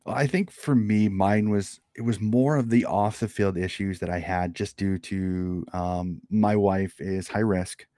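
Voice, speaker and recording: A man in his thirties speaks in a fairly low voice. He answers earnestly and often restarts his sentences. The sound is close and dry, with no room around it. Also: steady tone, measured pace, few pauses, dark tone, no room sound. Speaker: head coach of an amateur Australian rules football club. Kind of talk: casual interview answers.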